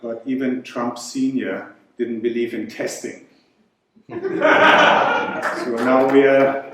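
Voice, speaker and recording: German man, stand-up comedian, deadpan storyteller, slow delivery, distant echoey hall sound. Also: medium pitch, background noise.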